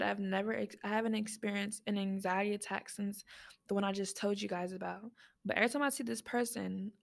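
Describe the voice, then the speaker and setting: A woman's voice: mid-range voice, creaky. A young adult woman hosting a podcast, telling a personal story in a casual, rambling way with lots of fillers, speaking straight to her listeners. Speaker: podcast host.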